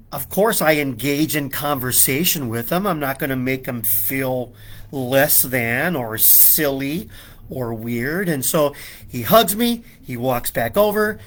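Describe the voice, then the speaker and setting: A middle-aged man preaches a short devotional at an unhurried pace, his voice sitting a little high for a man. He tells a personal story, stumbling over restarts and often checking in with a quick "okay?". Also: a bit bright. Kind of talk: devotional talk.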